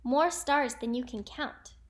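A bookish schoolgirl who trusts her calculations, calm and reassuring in a storybook voice. Her tone is light and high. A woman reads her. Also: unhurried. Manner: reassuring, breathless with wonder.

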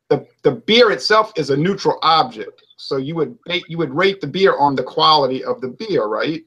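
A man's voice: on the high side, a bit bright, breathy edge, lo-fi sound. A man hosting a casual beer talk, rambling through hypotheticals and often restarting his sentences. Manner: rambling, hypothetical, self-interrupting. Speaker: beer reviewer and show host. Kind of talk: casual debate chat.

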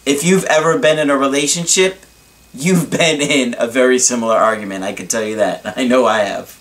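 A man giving relationship advice as a coach in a video monologue, explaining in a deliberate, reassuring way. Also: medium pitch, fairly bright tone.

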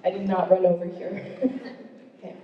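A woman's voice: fairly low pitch, level tone, moderate pace, lo-fi sound. Woman addressing a meeting in an echoey hall. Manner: conversational, asks the audience questions. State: a little out of breath. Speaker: city council member. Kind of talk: public speech to constituents. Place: meeting room, audience present. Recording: echoey hall recorded from far off.

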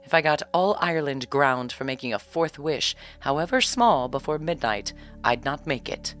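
A woman's voice: low voice, lively intonation, moderate pace, a bit bright, soft background music. A woman reading a storybook aloud and voicing a bold, scornful countryman who is making wishes. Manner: confident and scornful.

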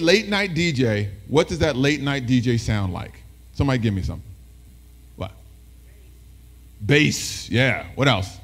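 A man giving a motivational presentation to educators as a keynote speaker, lively and talking with the audience, often acting out voices. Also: mid-range voice. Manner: animated, talks with the audience, acts out voices.

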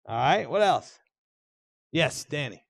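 A middle-aged male pastor preaches in a church with an animated, joking delivery. His voice sits high for a man, and the recording is dry and close. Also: slow pace, creaky, husky, no room sound. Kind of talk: sermon. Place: church sanctuary.

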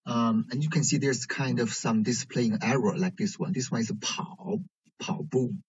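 A man teaching a language lesson in English, pausing often with fillers. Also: mid-range voice, fairly even intonation, darkish tone, a little hiss or hum. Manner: hesitant, many pauses and fillers. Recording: dull lo-fi recording.

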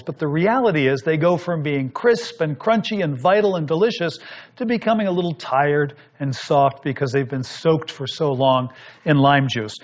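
A man hosting a cooking show, explaining each step in an easy, instructive way while he works. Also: fairly high pitch. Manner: explanatory, talks while working. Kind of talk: cooking demonstration.

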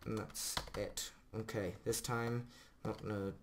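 A man chatting casually through a let's play, self-mocking and swearing when things go wrong, his voice a little rough today. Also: fairly low pitch, level tone, a little slow, a little hiss or hum. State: rough-sounding voice. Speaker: gamer doing a let's play. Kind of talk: casual game commentary. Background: faint background music.

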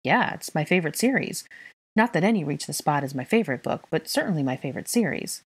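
A woman's voice: low voice, animated, fast talker, slightly rough, no room sound, exaggerated voice. Woman reading a composed, teasing young man. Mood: calm.

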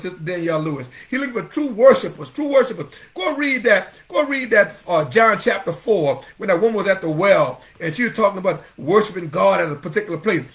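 A man's voice: very high-pitched, a bit bright. A man preaching a fervent sermon as pastor, calling out members of the congregation by name.

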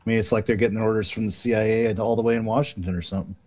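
A man's voice: on the low side, fairly even intonation, racing, darkish tone. A man chatting easily with his gaming group in a voice chat, dropping light jokes. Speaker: game player. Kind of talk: casual chat.

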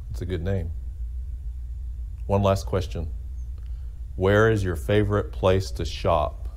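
Man, very low voice, slow unhurried questions to a kid. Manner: slow, gentle questions to a child. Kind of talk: children's moment interview.

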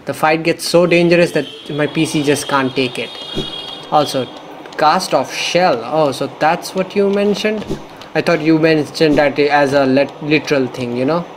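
A man's voice: a little high, moderate pace, background noise. A young man giving casual, profane, rambling commentary while playing a video game. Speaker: let's play gamer.

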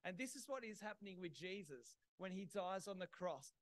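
A man's voice: high-pitched, expressive, moderate pace, dry recording, low-quality recording. Man preaching a plain, dry-sounding sermon. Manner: plain, simple explanations with gentle laughs. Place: church.

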